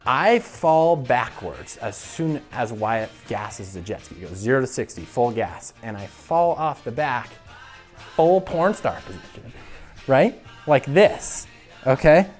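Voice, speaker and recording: Young guy, crude animated storyteller, lively pitch. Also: slow pace, soft background music. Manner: animated, crude, laughing often. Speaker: show regular. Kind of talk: casual storytelling.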